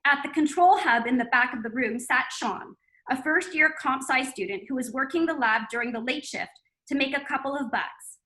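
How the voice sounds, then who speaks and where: Woman, bright and clear, fairly high voice, narrating her own book. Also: normal speed, low-quality recording. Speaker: co-author and co-host. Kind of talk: reading a book excerpt aloud.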